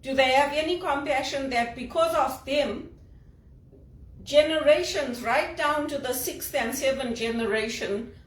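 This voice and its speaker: A woman's voice: sits high, measured pace, recorded from a distance. Indignant Zimbabwean woman, echoey room. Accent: Zimbabwean English, trained elocution. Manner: impassioned, indignant, rhetorical questions. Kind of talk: personal monologue vlog.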